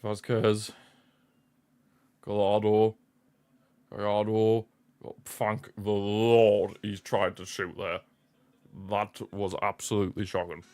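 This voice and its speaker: Young male streamer, slightly low voice, nervy live match commentary full of exclamations. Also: level tone, takes it slowly, long pauses, a little mellow. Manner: anxious, pleading, exclamatory. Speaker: streamer hosting a football watchalong.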